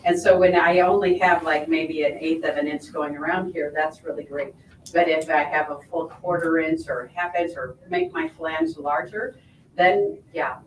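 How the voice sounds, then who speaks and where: A woman teaching quilting in a hands-on demonstration, her voice sitting a little low for a woman. She walks through each step and checks in often with the listener. The sound comes from a distance in a roomy, echoing space with a faint rumble behind. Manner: friendly step-by-step explaining, checking in with "right?" and "okay?". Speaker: sewing instructor. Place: sewing shop or studio. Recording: echoey room, voice from off-mic.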